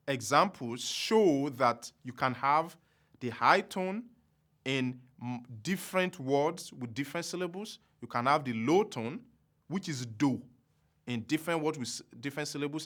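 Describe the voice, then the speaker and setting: A man teaching a language lesson slowly and deliberately, with careful pauses, and chanting drill syllables in a high, drawn-out voice. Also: a bit bright.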